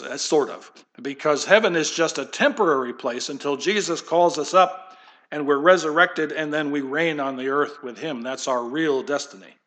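A pastor preaching a sermon in an easygoing, conversational way, wandering into folksy asides. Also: male voice, fairly high pitch, a bit bright.

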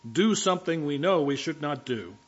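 A man's voice: a little high, lively intonation, normal speed, highs cut off. A man preaching a sermon as pastor, talking conversationally and directly to his congregation in a church.

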